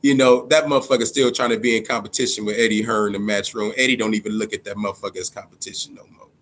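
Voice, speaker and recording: A man giving casual, profane boxing talk, animated and storytelling, slipping into quotes of other people. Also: on the low side, very fast. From Ohio, USA. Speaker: boxing commentator.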